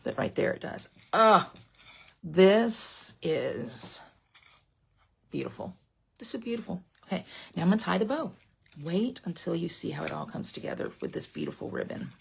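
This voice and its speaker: At a moderate pace, a middle-aged woman with a lowish, slightly rough voice full of vocal fry teaches card-making live by webcam from her craft desk. Her talk rambles chattily, dipping into a whisper whenever she gets excited.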